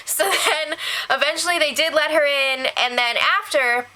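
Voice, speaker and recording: A woman's voice: sits high, normal speed, pushed and bright, rough recording. A young woman chatting casually as she recaps a reality show for her vlog, laughing often and saying "like" a lot. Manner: chatty, giggly, heavy use of "like".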